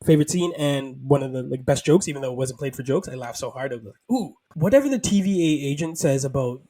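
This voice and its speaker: A man co-hosting a podcast, chatting excitably about a film, swearing freely and laughing often. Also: medium pitch, quick pace. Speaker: podcast co-host. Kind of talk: casual film review chat.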